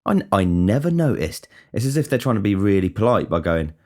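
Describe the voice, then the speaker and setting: Very deep-voiced sweary man rambling. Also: big pitch swings, fairly quick, darkish tone. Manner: rambling, sweary, restarts often. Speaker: podcast host. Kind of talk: casual solo podcast monologue.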